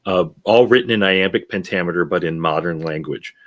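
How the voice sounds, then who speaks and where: Deep voiced guy, talks kinda slow and halting. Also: a bit bright. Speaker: podcast co-host. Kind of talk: casual chat.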